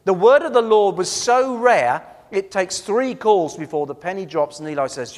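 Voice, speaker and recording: A man's voice: high voice, expressive, normal speed. Earnest preacher man, echoing hall. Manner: earnest, storytelling, emphatic swings between loud and soft. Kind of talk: sermon.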